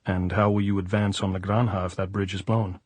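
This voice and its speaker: Guy reading a curt young bridge-blower, clipped and reserved, lowish dry voice. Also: level tone, fairly quick, slightly rough, no echo. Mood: guarded. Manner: terse, guarded replies.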